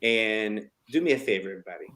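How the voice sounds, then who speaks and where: A man co-hosting a casual talk show, telling a story and reading funny text messages aloud with animated energy. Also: on the low side, fast.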